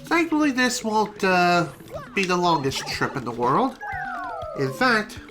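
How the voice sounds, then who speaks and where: A woman's voice: fairly low pitch, sing-song, a little slow, music in the background. Casual, wry female game streamer. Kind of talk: casual gameplay commentary.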